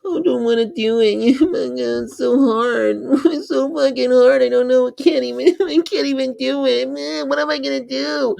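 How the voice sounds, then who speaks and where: A helpless, whining grown-up who sounds like a big baby, as a man mocks him. The voice squeaks up high and wobbles with self-pity. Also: moderate pace, gravelly, few pauses, a little mellow, no echo, clean studio sound, full character voice. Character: whiny adult who won't give up cheese.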